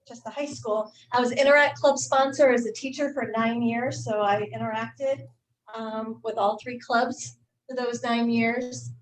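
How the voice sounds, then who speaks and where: Chatty middle-aged woman, slightly high voice. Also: low-quality recording. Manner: warm, halting, many fillers and restarts. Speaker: high school teacher and staff speaker. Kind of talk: informal presentation to a club meeting.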